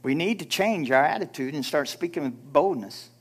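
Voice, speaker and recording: A man's voice: fairly high pitch, lively intonation, moderate pace, breathy edge. A pastor preaching a church sermon, urging his listeners with emphatic rhetorical questions and acting out quoted people in mock voices.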